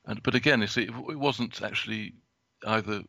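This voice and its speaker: A man with a heavily gravelly, creaky voice and a bright, sharp edge to it. He talks from prepared notes in a halting way, stopping and restarting his sentences often. The recording is close and dry. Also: on the low side, no echo. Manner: halting, with many restarts and fillers. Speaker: guest speaker.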